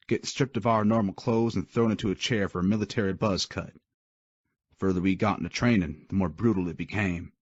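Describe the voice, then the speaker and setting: A man's voice: lowish voice, no room sound. A man narrating a romance audiobook in the first person, gritty and full of swearing. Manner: gritty, profane storytelling. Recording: dull dry lo-fi recording.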